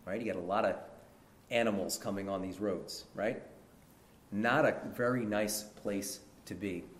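A man preaching a sermon, telling a story with lively energy and calling his listeners brethren. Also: fairly low pitch, unhurried, reverberant.

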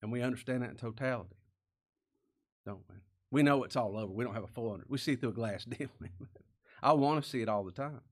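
A man's voice: medium pitch, fast talker. Folksy preaching man. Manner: preaching with rhetorical questions and sudden drops to a hush; folksy, plain-spoken. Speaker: pastor. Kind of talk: sermon.

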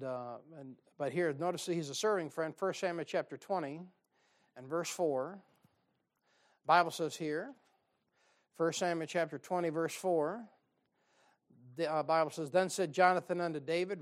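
A man preaches from the pulpit. His delivery is folksy and conversational, full of quick asides and homespun jokes between the scripture readings. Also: fairly high pitch. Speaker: pastor. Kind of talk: sermon.

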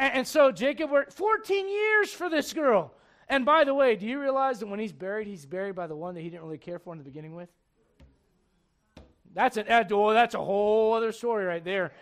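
A man preaching a sermon, telling a Bible story in a lively, conversational way, acting out the characters and asking his listeners questions. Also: high-pitched. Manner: animated storytelling, acts out characters, asks the crowd questions. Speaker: pastor.

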